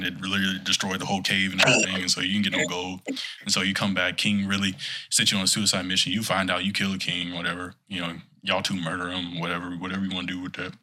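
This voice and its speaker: A man with a slightly low, bright, forceful voice and a husky edge. He spins a rambling, playful tale in relaxed podcast chat. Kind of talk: casual chat.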